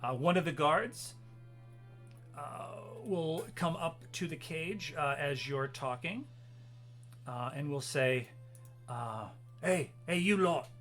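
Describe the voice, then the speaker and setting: A man's voice: on the high side, takes it slowly, a bit bright, faint music behind. A man narrating as game master of a tabletop game, hesitant and full of fillers. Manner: hesitant, full of ums and uhs.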